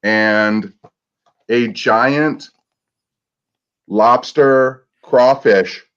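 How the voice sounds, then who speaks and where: A man's voice: mid-range voice, extremely slow, a bit bright, smooth. A man co-hosting a casual chat, musing and telling a strange story. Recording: dull lo-fi sound.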